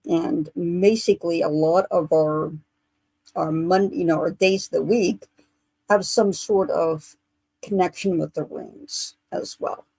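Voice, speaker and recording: A woman psychic medium giving a spiritual rune reading on a livestream, explaining steadily with filler pauses. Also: lowish voice, fairly even intonation, warm tone, no room sound, low-quality recording.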